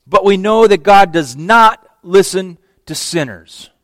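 A man's voice: high voice, animated, measured pace, dry recording. A man voicing a fearless, plainspoken beggar who was healed of blindness, in a sermon retelling. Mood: emphatic. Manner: plainspoken, emphatic storytelling.

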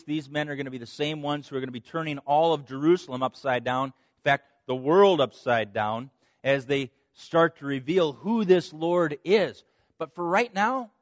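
Male pastor, sermon delivery, animated storyteller, fairly high voice, dry recording. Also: no echo. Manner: animated storytelling, repeats words at phrase starts.

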